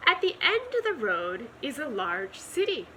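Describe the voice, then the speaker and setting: A woman reading a children's picture book aloud in a gentle, expressive storytime manner. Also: high voice, measured pace, slight background noise, rough recording. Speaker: storytime reader.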